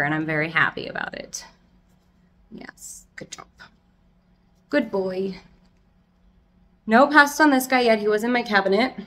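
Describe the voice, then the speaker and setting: A woman chatting casually as a plant vlogger, talking loudly, giggling, swearing and talking to her plants at home. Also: mid-range voice. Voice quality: loud, close to yelling. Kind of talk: casual chat. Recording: echoey room with faint background noise.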